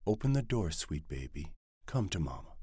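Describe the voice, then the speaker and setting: A man voicing a devout middle-aged mother who coaxes her son in a languid, honeyed voice, evenly modulated and warm. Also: rumbling low, big pitch swings, normal speed, slightly rough, dry recording, clean studio sound, exaggerated voice. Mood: coaxing.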